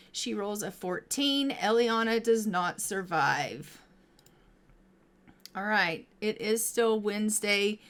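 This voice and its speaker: This gameplay commentator has a medium-pitched, fairly bright, clean voice as she chats casually over a life-sim game. Frequent ums and stretched-out phrasing mark her talk, and she regularly addresses her characters and speaks their lines.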